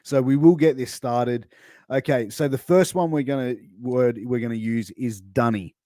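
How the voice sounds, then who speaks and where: A man's voice: medium pitch, normal speed, warm tone, no echo, studio quality. A man with an Australian accent hosting a casual podcast interview, joking and laughing as he quizzes his guest. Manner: jokey, laughs often, slips into put-on slang voices. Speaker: podcast host.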